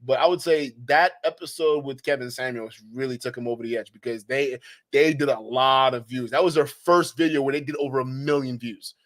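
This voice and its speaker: A man's voice: mid-range voice, steady tone, brisk. A man hosting a casual livestream, reading super chats, rambling and joking with frequent laughs. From Nigeria. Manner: joking, rambling, laughs often, shouts out viewers. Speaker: livestream commentator.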